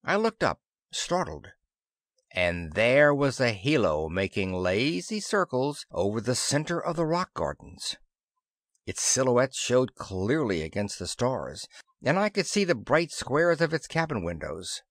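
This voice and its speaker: Lively male audiobook narrator, dry sound. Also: medium pitch, a little slow, no room sound. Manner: lively first-person storytelling, voices characters. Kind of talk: scripted narration.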